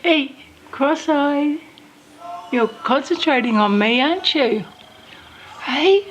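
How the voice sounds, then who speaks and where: A woman's voice: high-pitched, lively intonation, slow, pauses often, a little hiss or hum. An older woman, a grandmother, cooing baby talk to a newborn in a home video, indoors at home.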